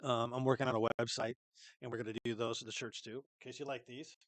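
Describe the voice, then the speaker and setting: A man's voice: medium pitch, little pitch movement, fast talker, fairly bright tone, no room sound. Easygoing man hosting a podcast chat. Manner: laid-back and chatty, says "rad" and "dude" a lot. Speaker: podcast host. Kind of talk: casual live-stream podcast chat. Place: studio.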